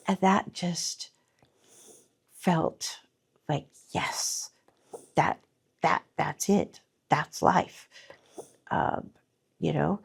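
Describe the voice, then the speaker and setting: A middle-aged woman talking slowly and from the heart in a personal vlog, often pausing to search for words, at times teary-eyed. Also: sits low, fairly even intonation, vocal fry, breathy edge. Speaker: artist vlogger.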